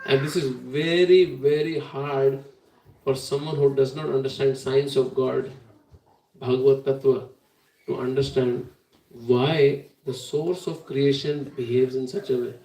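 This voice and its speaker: A man giving an earnest, animated devotional sermon that tells a story. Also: medium pitch, a little slow. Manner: earnest, animated, laughs while telling. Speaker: devotional speaker. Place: temple hall. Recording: roomy hall, distant mic.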